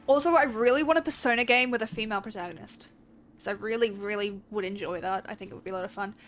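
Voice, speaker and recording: A woman's voice: mid-range voice, fast, soft background music, poor audio. A woman with an Australian accent, chatting casually and ramblingly on a game livestream and swearing freely. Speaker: game streamer.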